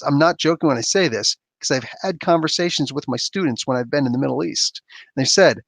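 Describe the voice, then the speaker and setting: A man's voice: fairly high pitch, fast talker, vocal fry, fairly bright tone, dry recording. A man hosting a comic book podcast, chatting casually and animatedly with rambling asides and laughs. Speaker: podcast host. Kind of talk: casual chat answering viewer questions.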